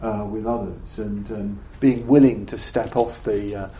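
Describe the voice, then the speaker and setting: An older man gives a reflective Buddhist dharma talk to an audience, halting and thoughtful, often repeating words as he hunts for phrasing. His voice is lowish, steady and dark, captured in a roomy echo with faint background noise.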